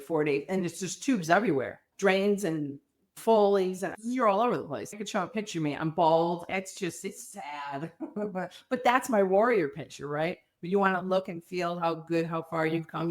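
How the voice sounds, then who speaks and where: Animated woman telling a story, lowish voice. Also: normal speed. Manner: animated, acts out quoted dialogue. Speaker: podcast guest. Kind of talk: candid storytelling interview.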